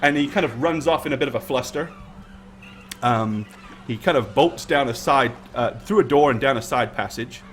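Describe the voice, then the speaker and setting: A man's voice: medium pitch, moderate pace, fairly bright tone, slight background noise. A man narrating a tabletop game as game master in a casual, hesitant way, with many fillers.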